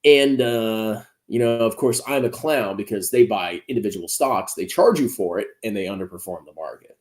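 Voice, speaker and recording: A man's voice: fairly low pitch, normal speed, hardly any pauses. A man in his thirties giving sarcastic reaction commentary as a finance YouTuber, mocking his rivals and laughing often. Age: 30s.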